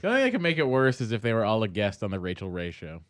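A man's voice: fairly low pitch, very animated, very fast, no echo. A man co-hosting a podcast, making dry, wry quips in casual chat. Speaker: podcast co-host.

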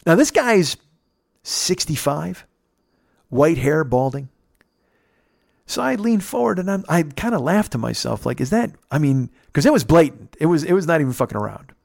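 A man telling a casual, profane story on a podcast, jumping up in pitch to mimic the people in it. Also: moderate pace, gravelly, dry recording, clean studio sound. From United States. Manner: animated, profane, mimics others with pitch jumps. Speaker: podcast host.

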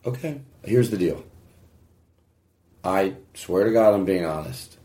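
A man's voice: low-pitched, lively intonation, unhurried, mellow. A man hosting a comedy podcast, pleading earnestly in a mock-emotional way. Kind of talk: casual comedic chat.

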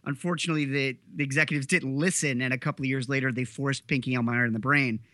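A man's voice: medium pitch, fairly even intonation, quick pace, sharp tone, no room sound. A man co-hosting a casual podcast, an enthusiastic storyteller who laughs between points. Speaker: podcast co-host. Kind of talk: casual chat.

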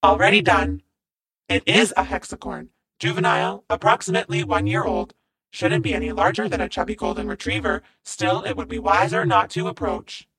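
A woman putting on a robot sidekick with a low, gravelly, monotone voice. It reports facts in flat, clipped phrases, calm and exact. The sound is dry and close. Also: brisk, dry recording, rough recording.

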